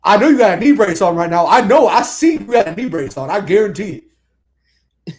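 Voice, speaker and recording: This podcast co-host is a man with a high, animated, brisk voice. During a casual sports chat he barks orders at players like a mock drill sergeant.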